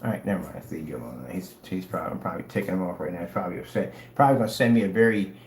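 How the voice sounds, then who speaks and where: A man's voice: deep voice, rapid-fire, echoey room, slight background noise. A man ranting in a mocking, confrontational way, addressing a rival in a vlog. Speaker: vlogger. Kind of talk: ranting commentary.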